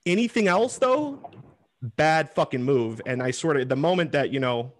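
Animated man hosting an interview. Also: a little high, normal speed, no room sound, clean studio sound. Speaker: host. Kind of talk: casual interview chat.

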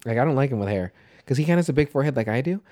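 A man's voice: mid-range voice, expressive, very fast, dark tone. A man co-hosting a casual movie podcast, rambling and swearing freely as he talks. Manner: rambling, swears, trails off and restarts. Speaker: podcast co-host.

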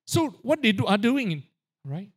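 A man preaching a sermon, peppering his lines with "you know, right?" and dropping quiet on the tag-ons. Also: sits high, big pitch swings, unhurried, slightly rough. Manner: drops to a quiet aside on filler tags. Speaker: pastor.

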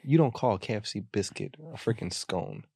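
A man's voice: on the low side, expressive, moderate pace, creaky, darkish tone, slightly rough, no room sound, studio quality. A young American man in casual chat, ranting and joking with a lot of slang.

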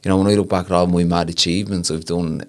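A man's voice: deep voice, little pitch movement, fast talker. An Irish man talking earnestly as a guest in a casual conversation, often checking in with "you know what I mean". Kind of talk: casual chat.

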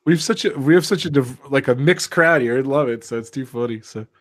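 A man's voice: medium pitch, a little fast, no echo, clean studio sound. A man in his thirties hosting a casual live-stream chat, upbeat and keen on calling things awesome. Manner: upbeat, says "awesome" a lot. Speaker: host.

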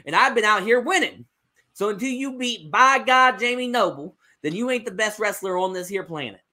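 A man voicing a boastful redneck wrestler with a put-on Southern drawl, trash-talking and whining loudly. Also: high-pitched, voice pushed up. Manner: boastful trash talk, rising to whiny outrage. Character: brash redneck male wrestler, boastful and whiny.

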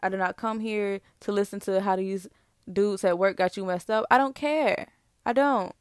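A woman's voice: medium pitch, normal speed, smooth, dry recording, studio quality. Sassy young woman ranting. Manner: sassy, animated, emphatic with laughs. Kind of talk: casual relationship rant to camera.

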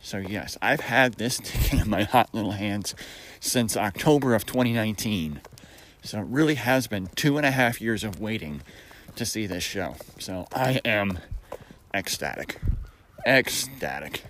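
A man's voice: lowish voice, animated, normal speed, a bit bright, a little hiss or hum, rough recording. A middle-aged man hosting a casual solo podcast, chatty and full of wry asides and puns. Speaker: podcast host.

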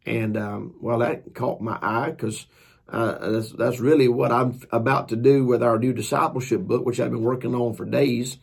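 A man's voice: mid-range voice, steady tone, moderate pace, vocal fry, husky. A man, a preacher and author, telling a story in a folksy, earnest, casual way. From Georgia, US.

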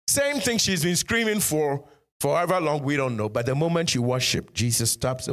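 A man's voice: a little high, animated, moderate pace, fairly bright tone. A man preaching a sermon as pastor, punctuating points with "Amen" and putting direct questions to his congregation.

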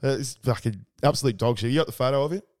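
An Australian man co-hosting a sports podcast, casual chat full of crude, excitable banter. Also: medium pitch, rapid-fire. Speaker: podcast co-host.

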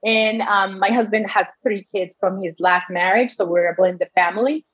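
A woman's voice: medium pitch, steady tone, moderate pace, a bit bright, husky, poor audio. A woman in her thirties telling her own medical story in casual talk, often restarting and quoting doctors in her own voice. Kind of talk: personal storytelling.

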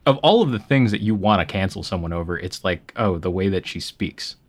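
A man's voice: sits low, animated, a little fast. A man with a Midwestern American accent, co-hosting a podcast in casual chat, blunt and emphatic with heavy swearing. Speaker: podcast co-host.

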